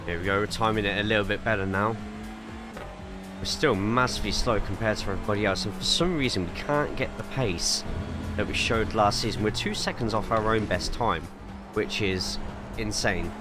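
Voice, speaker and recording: A man with an English accent and a slightly low voice chats casually on a live stream, drifting between track tips and replies to viewers. Music plays clearly behind him. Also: normal speed. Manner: chatty, rambling, reads viewer chat aloud between driving tips. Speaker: sim racing streamer. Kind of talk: casual live-stream chat while driving.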